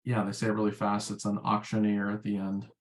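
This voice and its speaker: A man's voice: lowish voice, monotone, brisk. A man, a former sales rep chatting as an interview guest in a rambling, filler-heavy way. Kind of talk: casual interview chat.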